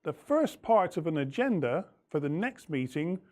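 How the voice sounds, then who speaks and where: A man with a slightly higher voice works through an English answer sheet like a patient teacher. He reads each model sentence slowly and carefully, lifting and dropping his tone to show questions and answers. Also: very animated, darkish tone. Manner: slow, deliberate reading of example sentences with clear rising and falling tones. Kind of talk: going over answers in an English lesson.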